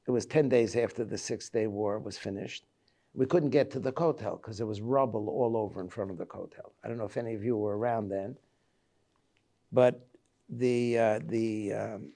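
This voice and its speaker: A man in his seventies, a rabbi giving a reflective Tisha B'Av lecture, telling personal stories in a halting way. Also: mid-range voice, vocal fry, warm tone. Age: 70s.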